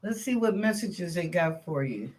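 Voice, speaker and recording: A woman hosting a live psychic reading show, talking with her viewers in a chatty, lively way full of casual street slang. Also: on the low side, normal speed. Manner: reads viewer questions aloud. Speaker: psychic reader and show host.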